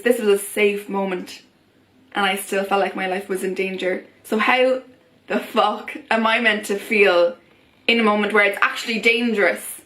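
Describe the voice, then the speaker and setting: A young woman vlogger with a medium-pitched, slightly bright voice vents to camera about something personal. She's heated and impassioned and often restarts her sentences.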